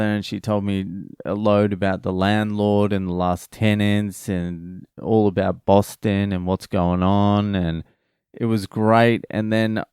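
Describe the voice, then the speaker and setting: A man tells a story in a relaxed vlog, dropping curses and retelling who said what. His voice is low-pitched and smooth. He talks at an unhurried pace. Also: no room sound, studio quality. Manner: swears freely, retells conversations. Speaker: vlogger.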